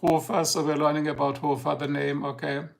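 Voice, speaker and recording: This livestream host is a middle-aged native German speaker with a German accent and a fairly high, gravelly voice. He talks fairly quickly in a level tone, rambling and joking while addressing chat members by name.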